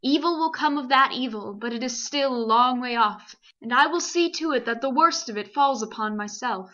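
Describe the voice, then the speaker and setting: A woman voicing a great, wise male lion who speaks slowly and gravely, read aloud as a storybook. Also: sits high, pushed and bright, highs cut off. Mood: solemn.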